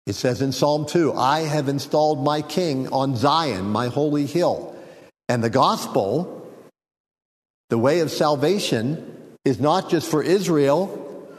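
A man preaching a sermon, teaching in an unhurried, reflective way with frequent fillers and small jokes. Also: on the high side, in a large hall. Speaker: pastor.

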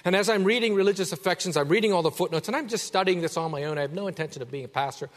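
A man's voice: high voice, racing. Preaching man in a reverberant hall. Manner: dynamic preaching, swinging from hushed to loud. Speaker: pastor. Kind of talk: sermon.

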